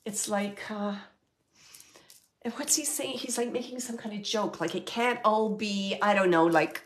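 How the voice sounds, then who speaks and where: Woman doing a live medium reading, mid-pitched voice, lots of "like" and restarts, keeps checking in with the sitter. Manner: halting, relays messages with many fillers and restarts. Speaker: medium and show host.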